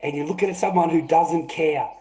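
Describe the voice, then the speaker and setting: A man's voice: fairly high pitch, a little fast, warm tone. A middle-aged man, ranting aggressively and swearing repeatedly on a live stream. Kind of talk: confrontational live stream rant.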